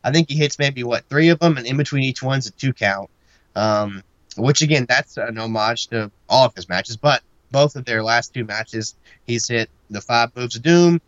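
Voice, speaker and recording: Podcast dude rambling through a wrestling recap, laughs a lot, dull dry lo-fi audio. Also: male voice, medium pitch, normal speed, fairly bright tone, no room sound. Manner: laughs often, rambling play-by-play. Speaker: podcast co-host. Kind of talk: casual wrestling match recap.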